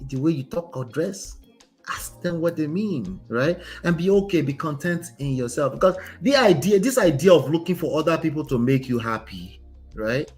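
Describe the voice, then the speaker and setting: A man talks through a relationship story as a coach. His voice sits at a middling pitch, and he speaks with steady emphasis, often closing a point with a quick "right?". Faint music plays underneath. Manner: emphatic, tags lines with "right?". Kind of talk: commenting on a story he reads aloud.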